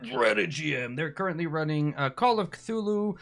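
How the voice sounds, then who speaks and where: A man's voice: on the high side, expressive, normal speed, creaky, a bit bright. A man hosting a live tabletop game stream, chatting casually and joking, with plenty of fillers. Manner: jokey, rambling, fillers. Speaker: game master and stream host.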